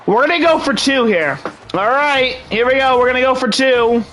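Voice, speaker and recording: A young man giving excited play-by-play commentary over a video game in a hyped, mock sports-announcer manner. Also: very high-pitched, normal speed, faint music behind, low-quality recording. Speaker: gaming channel host.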